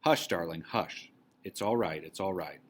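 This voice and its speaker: A man reading as a gentle, soothing mother. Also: lowish voice, animated, brisk, slightly rough. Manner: soft, hushed and reassuring. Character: gentle soothing mother comforting her daughter. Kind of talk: reading a play aloud to a class.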